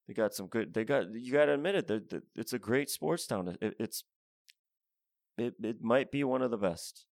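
A man's voice: mid-range voice, expressive, moderate pace, vocal fry, darkish tone, no room sound, studio quality. A man ranting in a profane comedy monologue, rambling and often restarting his sentences.

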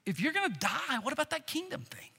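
A man's voice: very high-pitched, big pitch swings, quick pace, creaky, sharp tone, long reverb tail, voice pushed up, full character voice. A man voicing an eager, protective male disciple, exclaiming and pleading. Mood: alarmed.

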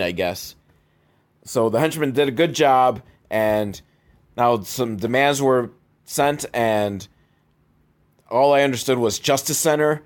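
Male movie reviewer, dry and sarcastic, cursing through a rambling plot recap. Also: mid-range voice. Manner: profane, deadpan, rambling with asides.

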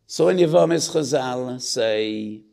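A man's voice: medium pitch, lively intonation, takes it slowly, vocal fry, a little mellow. An older man with an Israeli accent giving a Torah lecture to a congregation, telling a story and building to emphatic rhetorical questions.

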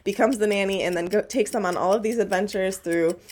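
A woman's voice: medium pitch, fast, a little mellow. A woman co-hosting a podcast in casual chat, giggly and rambling. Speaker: podcast co-host.

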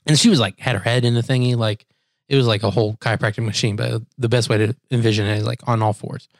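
A man co-hosting a podcast, rambling through a story in loose casual chat. He jumps into high, squeaky voices whenever he quotes someone. The sound is dry and close. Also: steady tone, fast, gravelly, no echo. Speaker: podcast co-host.

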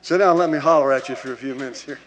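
A pastor with a drawl delivers a sermon in a bright, forceful voice. His pitch sits in an ordinary middle range for a man. He preaches in an emphatic but conversational way and keeps turning to the congregation. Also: very fast. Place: church.

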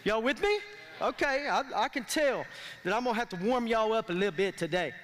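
High, bright-voiced man preaching a sermon. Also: lively intonation, brisk. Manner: preaching with call-and-response to the congregation. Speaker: pastor. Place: church sanctuary. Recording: long reverb of a large hall.

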